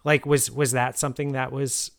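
A man's voice: mid-range voice, flat delivery, normal speed, creaky, crowd noise. A man interviewing a guest and asking long, hesitant questions full of fillers.

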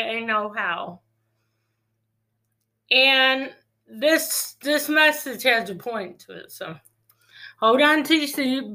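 A woman's voice: a little high, pushed and bright. A woman hosting a faith-based podcast, talking earnestly and rambling, with frequent restarts. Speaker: podcast host. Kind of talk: casual faith-based monologue.

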